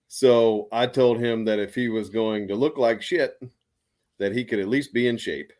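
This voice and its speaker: A man's voice: medium pitch, fairly even intonation, unhurried, long pauses, a little mellow. A man, an Army veteran, telling stories in a casual, rambling way with many restarts. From United States. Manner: rambling, lots of restarts and fillers. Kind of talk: casual storytelling.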